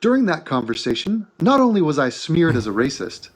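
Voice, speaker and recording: A man speaking in a commentary monologue, argumentative and measured. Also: on the high side, very animated.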